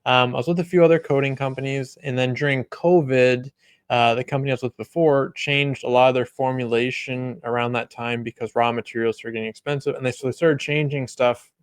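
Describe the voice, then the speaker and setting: A man's voice: medium pitch, fairly even intonation, a little fast, clean tone, no echo. A man on a podcast, casually telling a long story full of quoted back-and-forth and filler words. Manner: rambling, lots of "like" and quoted dialogue. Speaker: podcast host, detailer.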